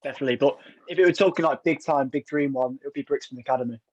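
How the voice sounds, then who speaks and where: A man's voice: medium pitch, very fast, a little mellow, no room sound. A young man from a band, chatting casually in an interview and telling stories. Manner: chatty storyteller, uses local slang. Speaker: band member guest. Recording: dry, slightly dull sound.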